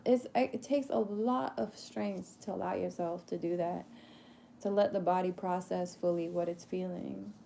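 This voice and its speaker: A woman's voice: lowish voice, gravelly, warm tone, slight background noise. A woman performer speaking candidly and casually to her audience, emphatic and preachy, laughing often, swearing and using casual slang.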